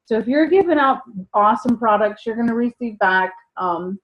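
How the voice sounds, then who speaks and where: A woman with a slightly high voice coaches new sellers in a loose, chatty way. She keeps slipping into little acted dialogues to show how a customer talk goes. The sound is dull and lo-fi. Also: lively intonation, normal speed. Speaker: sales trainer. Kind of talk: casual training talk.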